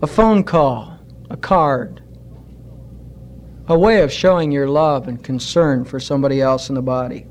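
A male pastor preaching a sermon to his congregation in an earnest, exhorting way, slowing down for emphasis. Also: medium pitch, slight background noise. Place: church.

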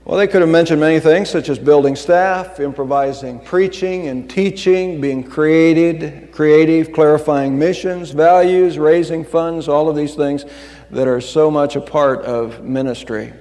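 A man's voice: fairly high pitch, a little slow, warm tone. A middle-aged male pastor preaching a sermon in an earnest, conversational way. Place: church. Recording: long hall reverb.

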